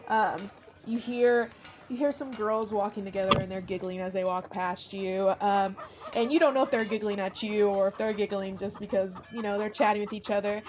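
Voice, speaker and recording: A woman's voice: medium pitch, darkish tone, a little hiss or hum. Rambling young woman game master. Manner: rambling, with frequent fillers and laughs. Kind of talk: narrating a tabletop game.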